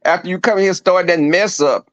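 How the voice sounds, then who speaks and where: Hosting a casual livestream from home, a man tells his viewers animated, profane, campy stories. His voice is high-pitched and a little fast, with no echo. The sound is dull, lo-fi and dry.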